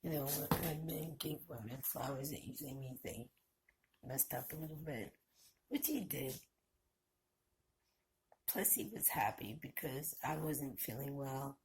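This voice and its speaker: A woman's voice: extremely low pitch, darkish tone, slight background noise. A middle-aged woman vlogging at home, giving folksy, heartfelt advice and blessings to her viewers. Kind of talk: casual talk to camera. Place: indoors at home.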